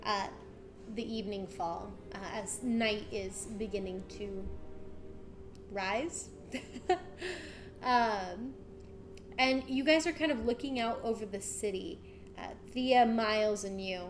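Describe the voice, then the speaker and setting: A woman narrating a tabletop game as game master, relaxed and full of fillers. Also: medium pitch, takes it slowly, pauses often, noisy background.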